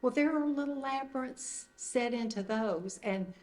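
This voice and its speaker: A woman's voice: on the high side, unhurried. Older woman leading a retreat talk. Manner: conversational, loosely phrased, gentle. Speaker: retreat leader. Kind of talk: informal teaching talk. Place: indoor meeting room.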